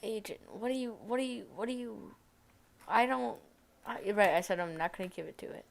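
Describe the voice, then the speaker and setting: A woman streaming her game coding session, talking casually to herself and to her viewers. She mutters questions at her code and makes self-mocking asides. Her voice sits at an ordinary middle pitch. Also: fairly quick, creaky. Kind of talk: casual live-stream chat while coding.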